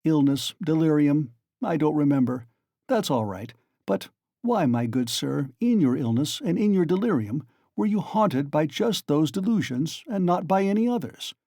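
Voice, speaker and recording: A man's voice: on the high side, expressive, moderate pace, dark tone, dry recording, clean studio sound. A man doing a sly, mocking examining lawyer. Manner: sly, mocking and good-humored, chuckling. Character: sly, ironic middle-aged male examining lawyer.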